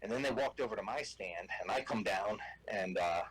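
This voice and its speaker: A man's voice: lowish voice, a little fast, slightly rough, poor audio. A man telling a funny hunting anecdote as a guest on a casual show. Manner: animated anecdote teller. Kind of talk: casual storytelling.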